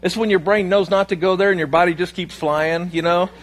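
A male pastor preaches in a fairly high, husky voice. He tells stories with humor and pokes fun at himself as he talks to his church. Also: fairly even intonation, brisk. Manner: humorous, self-deprecating storytelling. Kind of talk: sermon.

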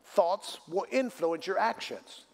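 A man's voice: high voice, slow, creaky. A male pastor preaching a sermon, asking the congregation for responses and building to emphatic repeated declarations. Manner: preaching with call-and-response questions. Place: church sanctuary.

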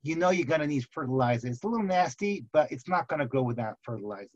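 A man's voice: fairly high pitch, animated, quick pace, darkish tone, no room sound, highs cut off, voice pushed down. A man voicing a friendly village shopkeeper who gives casual, confiding advice.

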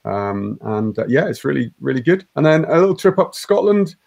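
A man's voice: medium pitch, sing-song, a little fast, gravelly, a little mellow, dry recording. A man co-hosting a podcast in casual chat, easygoing and hesitant, with many ums. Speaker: podcast co-host.

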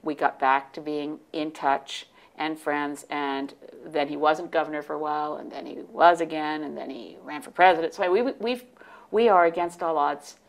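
A woman in her sixties, originally from the United States, telling lively anecdotes as an interview guest, often restarting her sentences. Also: deep voice, normal speed, creaky. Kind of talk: casual interview storytelling.

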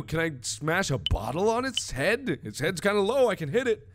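A young man in his twenties commenting on a horror game he plays, excitable, yelping and shouting when scared. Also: high-pitched, normal speed, a little hiss or hum. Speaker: gaming video host.

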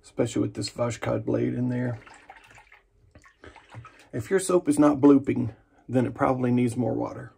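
A man's voice: mid-range voice, normal speed, vocal fry, long pauses, husky. A man chatting casually and jokingly as he narrates his own shave in a vlog. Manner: relaxed, chatty and jokey while shaving. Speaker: wet shaving vlogger.

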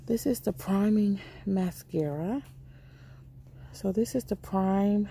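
A woman's voice: medium pitch, measured pace, gravelly, dark tone, a little hiss or hum. A woman chatting casually to her viewers while she shops in a store, calling them y'all and honey. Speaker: vlogger. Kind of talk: casual shopping vlog. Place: inside a store.

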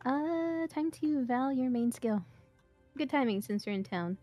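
A woman's voice: high-pitched, animated, a little slow, dark tone, faint music behind. A woman reading out donations on a live game stream, in a dry, teasing, matter-of-fact manner. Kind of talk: casual live-stream commentary.

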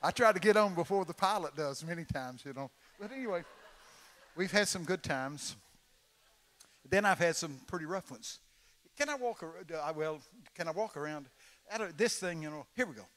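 A man with a drawl preaches in a folksy, storytelling way, his tone bright and forceful. He pitches a little high and jumps up to shout the lines he quotes. The sound rings with the long reverb of a large church hall. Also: lively intonation, moderate pace. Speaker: guest preacher. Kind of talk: storytelling sermon.

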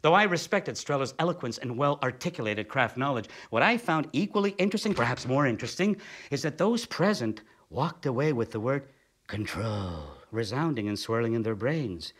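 A man's voice: medium pitch, lively intonation, normal speed, fairly bright tone, husky. A man from Canada delivering a performed spoken essay as a theatre artist, sardonic, blunt and profane.

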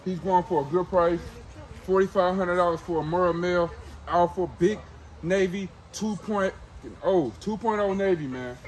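Hyped high-voiced man selling puppies. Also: normal speed, darkish tone, poor audio. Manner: hyped, repeats himself, slangy street talk. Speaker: dog breeder. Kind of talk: casual sales video.

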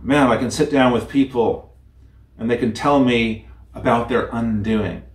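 A man preaches in an earnest, heartfelt way, pausing and restarting as he goes and reading a story aloud. His voice sits at an ordinary pitch, heard roomy and from some distance off the mic. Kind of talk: sermon with a story read aloud.

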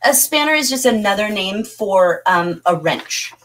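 A middle-aged woman teaching a livestreamed literature class, animated and often laughing as she answers the chat. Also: mid-range voice, unhurried.

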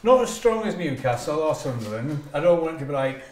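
A man's voice: a little high, big pitch swings, quick pace, a little mellow, slight background noise. Teasing man with a Teesside accent. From northeast England. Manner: teasing, laughing. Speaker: co-host, host's husband. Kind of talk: casual chat. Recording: roomy echo with faint ambience.

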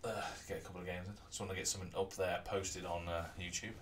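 A deep-voiced man talks fast while streaming a rugby video game, keeping things casual and rambling as he hums along to himself. A little hiss or hum runs under the recording.

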